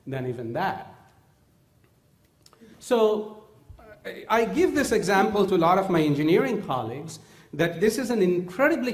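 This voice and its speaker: Male symposium speaker, voice sits a bit high, earnest and halting, roomy hall sound. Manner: earnest, many hesitant fillers and restarts. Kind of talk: scientific conference talk. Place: conference room. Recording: echoey conference hall.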